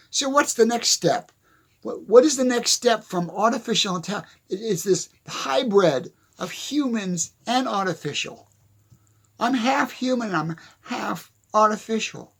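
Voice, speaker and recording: Tired gravelly man, earnest monologue. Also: high-pitched, fairly bright tone. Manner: halting, repeats phrases, restarts often. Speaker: speaker on philosophy.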